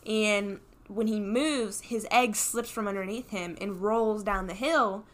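A woman co-hosting a comedy podcast, recapping a film in a casual, animated way with lots of fillers. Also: mid-range voice, measured pace. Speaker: podcast co-host. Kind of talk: casual stoner movie recap.

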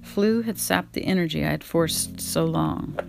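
Low gravelly woman reading aloud at home. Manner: unhurried reading, breaks off to talk to her pet. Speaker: reader and podcaster. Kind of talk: casual reading aloud of a memoir with asides. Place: home, indoors. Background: guitar music.

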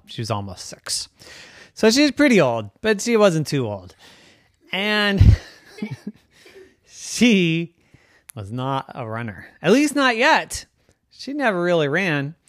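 A storyteller telling a children's bedtime story in a playful, sing-song, animated way. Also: medium pitch, no echo, studio quality.

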